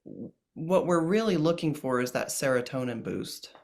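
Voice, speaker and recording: A man speaking as a guest in a casual interview about ceremonies, gentle and earnest, with many pauses and restarts. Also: medium pitch, animated, gravelly. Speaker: plant medicine ceremonialist guest.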